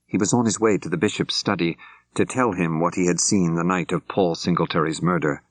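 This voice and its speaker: An older man narrating an audiobook in a measured, clear storytelling manner, close to the microphone. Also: low voice, steady tone, dry recording. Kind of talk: scripted narration. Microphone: close studio mic.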